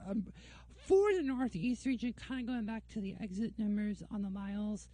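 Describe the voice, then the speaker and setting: A woman's voice: mid-range voice, moderate pace, warm tone, no echo. A woman ranting to camera in a casual, opinionated, sarcastic monologue, talking from a dim room on a break. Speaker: vlogger. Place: dim indoor room during a work break. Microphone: camera mic.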